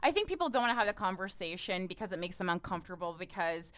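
A woman's voice: fairly low pitch, sing-song, quick pace, fairly bright tone. A young woman co-hosting a casual talk show, earnest and thinking aloud with many fillers. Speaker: podcast co-host. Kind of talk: casual chat.

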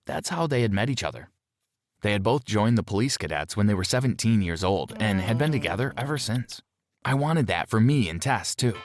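A man narrating a first-person story in a measured, plain storytelling manner. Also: on the low side. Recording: music bed underneath.

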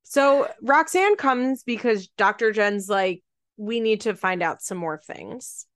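A woman's voice: medium pitch, expressive, slow pace, fairly bright tone, dry recording, studio quality. A woman co-hosting a casual chat, animatedly recapping a show with profanity and acted-out quotes. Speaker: podcast co-host.

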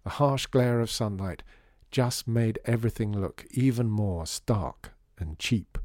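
A man reading a story aloud in a measured, calm way. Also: lowish voice, dry recording, clean studio sound. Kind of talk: scripted narration.

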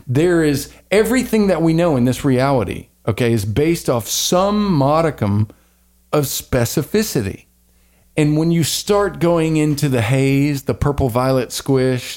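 A man hosting a podcast in casual, opinionated chat, rambling and animated with slangy asides. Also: medium pitch, measured pace. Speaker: podcast host.

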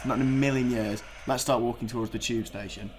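A man's voice: mid-range voice, steady tone, fast talker, noisy background. A young man co-hosting a casual football podcast, telling a rambling anecdote with frequent restarts. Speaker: podcast co-host.

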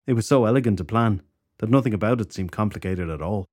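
Low-voiced male audiobook narrator. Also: quick pace, darkish tone, dry recording, clean studio sound.

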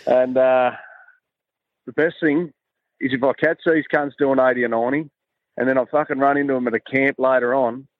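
A man's voice: mid-range voice, steady tone, moderate pace, no room sound, narrow, tinny audio. An Australian man leaving a brash, swearing voice message full of boasts. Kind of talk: crude voice-message banter.

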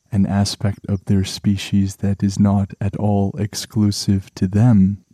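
Soothing low-voiced man, very mellow. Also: no room sound. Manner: soft, soothing, deliberate delivery. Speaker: podcast host. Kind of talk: slow, calm relaxation podcast narration.

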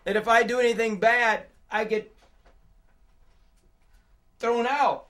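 An older man preaching a personal testimony, moving from hushed storytelling to crying shouts. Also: extremely high pitch, steady tone, takes it slowly. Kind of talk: sermon testimony.

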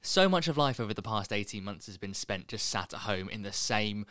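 A man's voice: fairly low pitch, lively intonation, brisk, noisy background. A young man, co-hosting a podcast, chatting bluntly and swearing casually. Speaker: podcast co-host. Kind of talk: casual chat.

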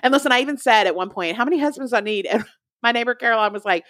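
A young woman co-hosts a podcast in casual chat, telling a story in an animated way and acting out quotes in other people's voices. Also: fairly high pitch, racing, dry recording, studio quality. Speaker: podcast co-host.

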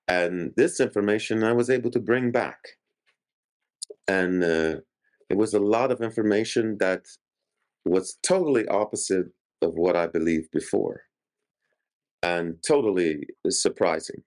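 Deep-voiced man telling a vivid story. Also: darkish tone. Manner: earnest, vivid storytelling with gestures described. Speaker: interview guest. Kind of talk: recounting a personal experience.

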